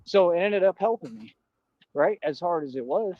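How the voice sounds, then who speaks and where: A man's voice: high-pitched, expressive, normal speed, no room sound. Defiant man ranting on a lo-fi stream. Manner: defiant, repetitive, street slang. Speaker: livestreamer. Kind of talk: ranting livestream monologue.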